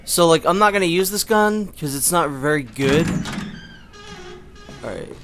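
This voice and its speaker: A man's voice: fairly high pitch, lively intonation, a little slow, noisy background. A young man casually commenting on a video game while playing, chatty and rambling with plenty of filler words. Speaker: gameplay commentator. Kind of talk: casual let's play commentary.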